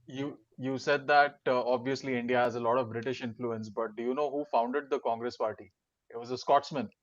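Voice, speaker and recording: A man's voice: mid-range voice, fairly even intonation, brisk, no echo, muffled recording. A man co-hosting a football live stream, chatting in a playful, teasing way. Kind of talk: casual live-stream chat.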